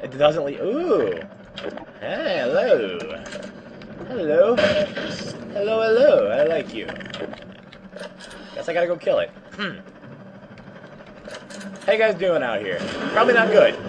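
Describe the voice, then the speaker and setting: A man's voice: fairly high pitch, wildly swooping pitch, measured pace, long pauses, dull audio, background noise. A man giving let's play commentary, swearing and complaining with jumpy outbursts. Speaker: gamer.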